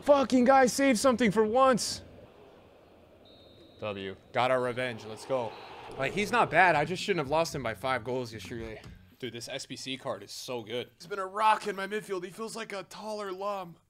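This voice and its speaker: Young male gamer, live play-by-play, lively pitch that jumps between yells and mumbles. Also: clean tone. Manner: excitable, swings from loud yelps to low muttering. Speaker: gaming video creator. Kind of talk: live gameplay commentary.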